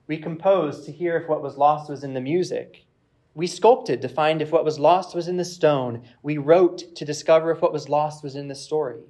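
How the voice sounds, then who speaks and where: A man preaching, reading a reflective passage aloud in a measured way with pauses. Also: on the high side, warm tone. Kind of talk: sermon with read-aloud passage.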